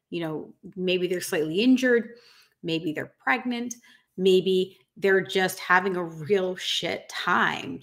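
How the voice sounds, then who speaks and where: A woman in her thirties, a dog grooming business coach, ranting frankly and emphatically to camera and calling her viewers "guys". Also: medium pitch. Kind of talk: casual rant to camera.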